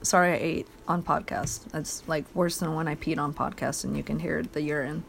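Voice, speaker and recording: A woman's voice: low voice, fairly even intonation, moderate pace, vocal fry, slight background noise. A woman hosting a solo podcast, rambling bluntly and swearing a lot as she eats. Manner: eating while talking. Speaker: podcast host.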